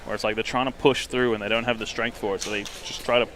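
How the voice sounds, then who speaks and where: A man from Australia with an Australian accent, giving casual sports commentary and calmly explaining technique. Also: lowish voice, quick pace. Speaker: guest commentator, sumo wrestler.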